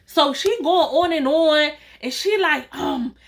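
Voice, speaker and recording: A woman vlogger telling a storytime tale in a lively way, often acting out what people said and laughing. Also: sits high, slow pace, hardly any pauses. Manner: animated, quotes dialogue, laughs often. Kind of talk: storytime vlog.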